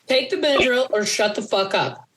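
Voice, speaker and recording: A woman co-hosting a podcast in a casual chat, blunt and quick to react with swearing jokes. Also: on the high side, fairly bright tone, a little hiss or hum. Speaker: podcast co-host.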